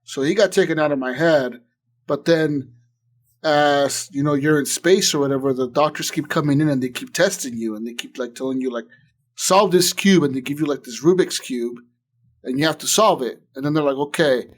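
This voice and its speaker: A man in a relaxed podcast conversation, telling a long story in a loose, rambling way. His voice sits at an ordinary middle pitch, and he keeps stacking fillers and curses while acting out the other people's lines. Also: fairly quick. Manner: rambling retelling full of "like" and swearing, acting out quotes. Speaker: podcast co-host. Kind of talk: casual chat.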